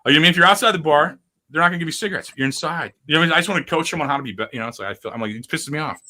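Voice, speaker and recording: A man talks at a rapid clip in a loose, rambling way, stacking fillers and swearing freely. His voice sits a little high and sounds bright and forceful. He hosts a casual podcast conversation. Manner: rambling, profane, full of fillers. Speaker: podcast host. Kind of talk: casual chat.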